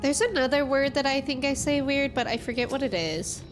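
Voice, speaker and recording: A woman's voice: sits high, fairly quick, over music. A young woman streaming a game, chatting casually, reading chat messages aloud and reacting to them.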